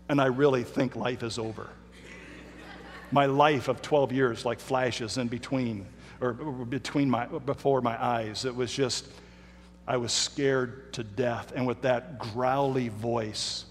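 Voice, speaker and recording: A middle-aged man, a pastor, telling a personal story in a sermon with emphatic, dramatic pauses and slowdowns. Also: mid-range voice, fairly even intonation, slight background noise. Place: church sanctuary. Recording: reverberant hall.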